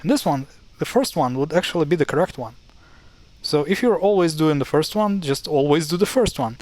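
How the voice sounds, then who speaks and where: Here a language explainer talks through pronunciation on a relaxed screen-share, chatty but fed up with people saying words wrong, often restarting and using fillers. He's on the high side, with lively intonation, a darkish tone, and a fairly quick pace.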